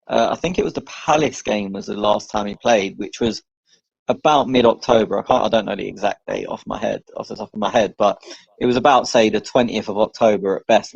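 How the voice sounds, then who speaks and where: A man's voice: lowish voice, a little fast, vocal fry, husky, dry recording, highs cut off. A man from the UK, co-hosting a football podcast, lays out his points in an easygoing, reasoned way. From United Kingdom. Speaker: podcast co-host. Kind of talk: casual football podcast chat.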